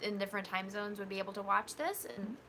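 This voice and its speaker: A woman's voice: medium pitch, quick pace, a bit bright, a little hiss or hum. A tired woman co-hosting a casual live stream chat, talking in an easygoing, chatty way.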